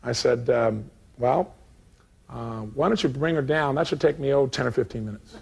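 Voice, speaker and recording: At a live motivational seminar, a man tells a story and plays both sides of the conversation with animated energy. His voice sits at medium pitch and moves at normal speed, with a gravelly, husky texture.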